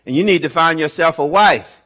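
A man voicing God as a calm, firm male presence giving a plain command. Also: fairly high pitch, a little fast.

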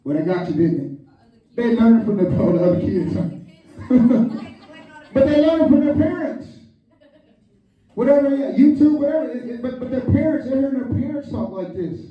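A male pastor preaching a lively storytelling sermon, calling on the congregation and acting out quotes. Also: very high-pitched, moderate pace, pauses often, some chatter behind. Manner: animated, calls on the congregation, acts out quotes. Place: church hall, echoey. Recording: echoey church hall from far off, muffled.

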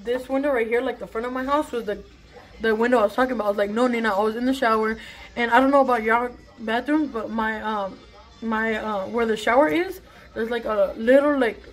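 A woman's voice: a little high, poor audio. A young woman tells a casual storytime vlog, chatty and swearing freely. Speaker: vlogger.

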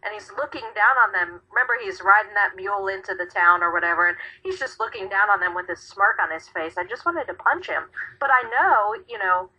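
A woman's voice: medium pitch, brisk, sharp tone, muffled recording. A woman speaking bluntly and frankly in a casual radio chat.

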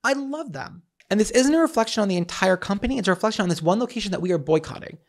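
A man's voice: high voice, animated, rapid-fire, a little hiss or hum. A man co-hosting a podcast in casual chat, ranting and complaining in a dramatic, exasperated way, with swearing. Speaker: podcast co-host.

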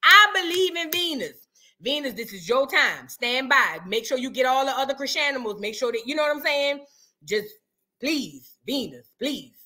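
A woman hosting a reaction video, teasing and animated, repeating lines for comic effect in casual commentary. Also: high voice, normal speed.

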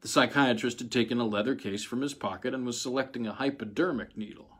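A man reading a story aloud in a measured, dramatic narration. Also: medium pitch, breathy edge. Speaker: audiobook reader.

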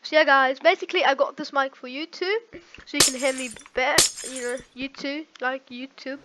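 A woman giving casual gameplay commentary as a gaming YouTuber on a headset mic, talking in excitable bursts with sudden outbursts and restarts. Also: high-pitched, moderate pace. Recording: noisy headset mic with clicks and typing.

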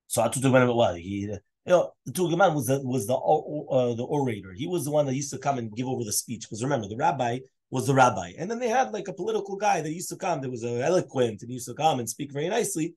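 Fast-talking rabbi teaching Talmud. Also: male voice, mid-range voice, husky. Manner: fast, animated, mixes Hebrew and Aramaic terms into English; asks students questions. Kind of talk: Daf Yomi Talmud class.

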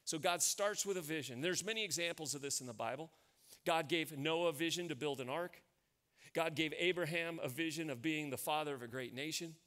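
A man's voice: fairly high pitch, a little fast, a bit bright. Man, American accent, pastor, sermon, storytelling, emphatic, repeats phrases.

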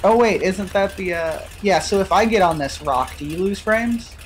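A man's voice: high-pitched, normal speed, slight background noise. A young man chatting casually and profanely with a friend while playing a game, laid-back and joking. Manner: profane, laid-back banter with frequent laughs. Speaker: gamer streaming co-op play. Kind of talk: casual gameplay chat.

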